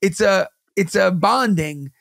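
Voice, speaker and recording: A man, hosting a podcast and telling stories in a casual, animated way, acting out the voices of the people in them. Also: high-pitched, slow, creaky, no room sound, clean studio sound. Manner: animated, acts out quoted voices in a vivid retelling. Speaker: podcast host. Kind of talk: casual storytelling chat.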